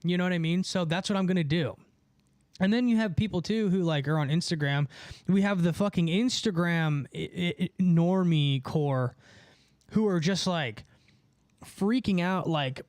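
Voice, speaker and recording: Animated rambling man, dry close mic. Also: high voice, normal speed, no echo. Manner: animated, rambling, many fillers and restarts. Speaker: host of a live call-in show. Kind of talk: casual livestream rant reading chat.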